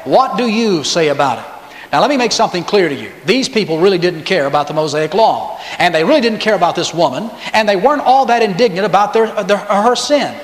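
A high-voiced man delivers a sermon, telling the story and acting out the people he quotes. His voice rings through an echoing hall with a long reverb tail. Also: expressive, quick pace, hardly any pauses. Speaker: pastor.

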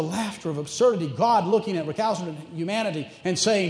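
High-voiced East Tennessee preacher. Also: male voice, fast, few pauses. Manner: animated, emphatic preaching with rhetorical questions. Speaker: pastor. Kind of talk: sermon. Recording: echoey church hall reverb.

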